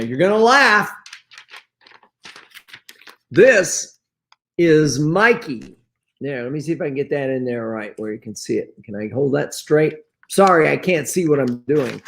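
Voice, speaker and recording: A man hosting his own video show from home, talking slowly and loosely while he shows papers and photos to the camera, often clearing his throat. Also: a little high, fairly bright tone. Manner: slow and rambling, frequent throat clearing and fillers. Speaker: host. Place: at home, items on his wall.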